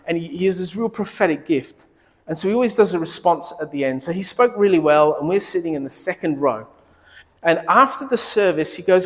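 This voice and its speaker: A middle-aged male pastor preaching, telling personal stories in a conversational, animated way with quoted dialogue. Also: fairly high pitch, long reverb tail.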